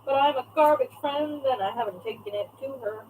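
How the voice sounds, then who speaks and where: A woman's voice: high voice, brisk, a little mellow, a little hiss or hum, rough recording. A young woman chatting casually on a live stream as a craft shop owner, reading out viewer comments and swearing now and then.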